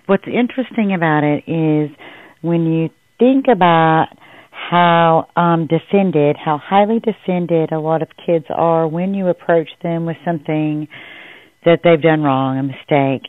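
A woman's voice: sits low, dry recording. A woman talking in a thoughtful, reflective way in a conversation. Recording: dry, tinny phone-like audio.

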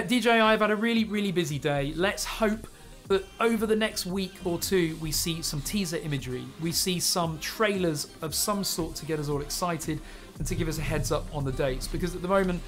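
A man hosting a live stream, chatting and reading viewer comments aloud, his voice going hoarse as he clears his throat. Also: high-pitched, a little fast, fairly bright tone, soft background music. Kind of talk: live stream chat and product talk.

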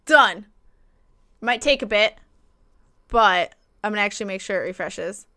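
A woman's voice: mid-range voice, measured pace, pauses often, sharp tone. A woman live-streaming a game, chatting casually and thanking viewers by name, with playful mock indignation.

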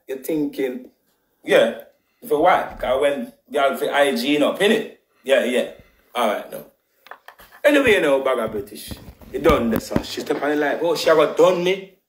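Echoey, ranting Jamaican patois vlogger man. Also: medium pitch. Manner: animated, repetitive, emphatic patois rant with swearing. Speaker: live-stream vlogger. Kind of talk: heated live-stream rant.

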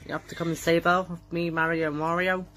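A woman voicing a calm grown-man hero who leads a rescue, talking in a steady, bossy, soothing way during toy play-acting with a child. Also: on the low side, fast, slight background noise, lightly acted. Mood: matter-of-fact.

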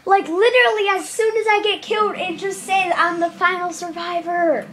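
A woman giving casual commentary over her own game, jittery and nervous that turns into shouted excitement, recorded on a camera filming the screen. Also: extremely high pitch, normal speed, a little hiss or hum. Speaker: gameplay commentator.

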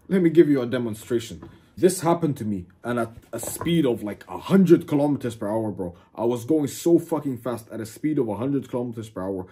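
A young man casually telling a dramatic personal story to camera, animated, cursing and calling the listener "bro". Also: fairly low pitch, breathy edge. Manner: animated, swears a lot, keeps saying "bro". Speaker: vlogger.

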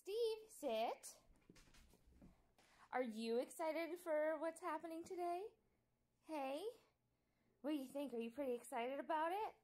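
A woman's voice: high-pitched, expressive, a little slow, pauses often, dry recording. A woman hosting a casual vlog from inside a car, chatting and doting on her dogs in baby talk. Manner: doting baby talk to pets, laughs often. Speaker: vlog host. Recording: distant mic, loud road noise.

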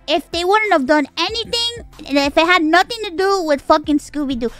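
A woman's voice: extremely high pitch, a bit bright, no room sound. A woman streamer in a casual livestream rant, exasperated and swearing, firing off incredulous rhetorical questions.

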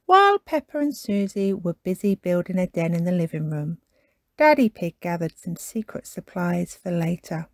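A woman storyteller reading a children's storybook aloud with an expressive delivery. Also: fairly low pitch, dry recording. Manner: slow and expressive.

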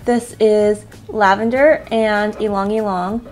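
A woman's voice: medium pitch, steady tone, slow pace, soft background music. A young woman casually talking to camera from her bedroom, chatty and upbeat, walking through items one by one. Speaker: lifestyle vlogger. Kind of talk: casual vlog talk to camera. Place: bedroom, sitting on her bed.

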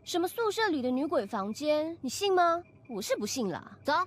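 A high, brisk skeptical college girl. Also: big pitch swings. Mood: dismissive. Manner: dismissive, brisk. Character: skeptical, brisk young female college student. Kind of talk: game voice acting.

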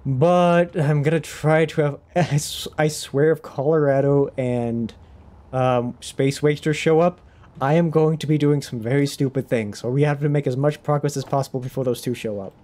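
A man's voice: mid-range voice, steady tone, normal speed, dark tone. A young man chatting casually while live-streaming a game, rambling, restarting his sentences and laughing often.

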